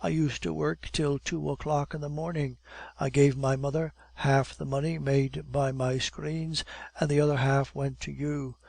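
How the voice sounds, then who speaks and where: A man reading the part of a devoted, adoring young woman in an audiobook, in a gentle, earnest manner. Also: fairly high pitch, level tone, normal speed, creaky, dry recording. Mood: tender.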